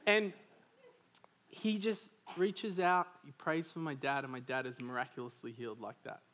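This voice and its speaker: A man from Australia preaching a sermon, animated and full of stories, laughing often and saying "like" a lot. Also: sits high, lo-fi sound. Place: church service.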